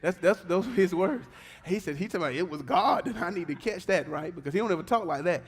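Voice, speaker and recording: A man preaching a sermon in church, moving between relaxed storytelling and fervent exhortation. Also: sits high, quick pace, husky. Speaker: pastor. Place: church service.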